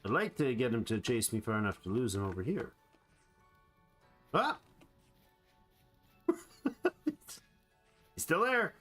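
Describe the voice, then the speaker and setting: A man's voice: mid-range voice, huge pitch swings, slow pace, pauses often, a bit bright, soft background music. A man giving playful, rambling let's play commentary on a survival game, chatting to the animals he meets. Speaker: gamer.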